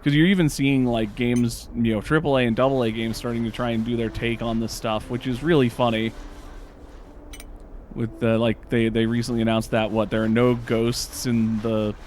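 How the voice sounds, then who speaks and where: A man's voice: medium pitch, level tone, normal speed, darkish tone, slight background noise. A man hosting a let's play, chatting casually with stammered restarts and reading the game's story text aloud.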